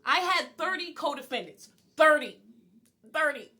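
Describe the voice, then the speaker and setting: Young woman vlogger, high bright voice, candid storytime delivery, laughs through it. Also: lively intonation, a little slow. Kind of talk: storytime vlog.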